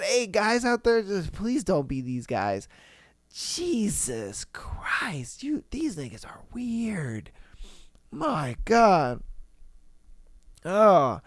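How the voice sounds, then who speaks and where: A man hosting a podcast, reading listener stories aloud and reacting with animated, profane disbelief. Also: a little high, clean tone, no room sound, studio quality. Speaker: podcast host. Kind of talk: casual commentary reading stories.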